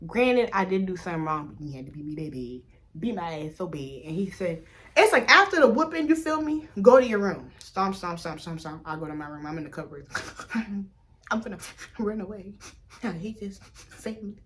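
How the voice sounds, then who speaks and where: Blunt, low-voiced young woman vlogger. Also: animated, brisk. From Africa. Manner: blunt and profane, swings between loud outbursts and low mutters. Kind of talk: casual candid vlog commentary.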